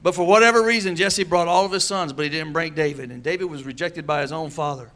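A pastor preaching a sermon, calling out to the congregation and acting out quoted voices with humor. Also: male voice, a little high, quick pace, a bit bright. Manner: preaching with call-and-response asides.

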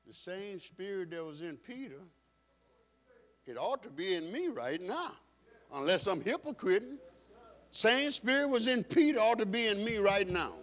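A man's voice: sits high, sing-song, moderate pace, fairly bright tone. A male pastor preaching a sermon in an emphatic style, repeating phrases for stress.

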